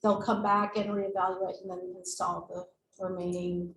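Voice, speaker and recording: A woman's voice: fairly low pitch, flat delivery, a little slow. A woman giving a presentation at a board meeting, informal, with fillers and self-corrections. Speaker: staff member presenting to a board. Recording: echoey room mic, faint noise.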